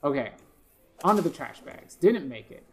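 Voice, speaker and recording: A man's voice: fairly high pitch, sing-song, moderate pace, a little mellow, soft background music. A man giving casual gameplay commentary, rambling with lots of fillers and restarts, often frustrated. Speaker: gaming video host.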